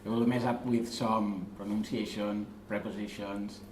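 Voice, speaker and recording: A man's voice: lowish voice, little pitch movement, moderate pace, darkish tone. A man with a Spanish accent, speaking English as a second language, giving an informal talk at a meetup with many fillers and restarts. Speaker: guest speaker. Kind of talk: presentation talk. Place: meetup room. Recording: roomy echo, faint noise.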